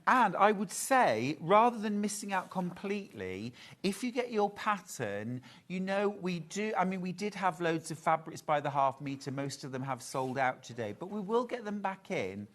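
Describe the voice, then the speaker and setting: A man's voice: a little high, big pitch swings, moderate pace, a bit bright. A man hosting a live craft shopping show in a TV studio, chatty and upbeat. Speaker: shopping channel host.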